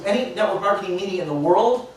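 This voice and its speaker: A man tells a lively story to a live crowd and acts out each exchange as he goes. His voice comes from a distance in a very echoey hall with a faint hum behind it. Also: high-pitched, fast. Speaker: motivational speaker. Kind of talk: storytelling talk to a live audience. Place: large indoor hall. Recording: echoey hall picked up from far off.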